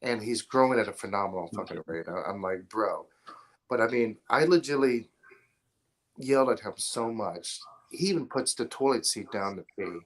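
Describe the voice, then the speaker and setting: With a fairly low, expressive voice and a slightly fast delivery, this Atlanta-area man, a film installer, guests on a podcast. He talks bluntly and profanely, rambling through his stories.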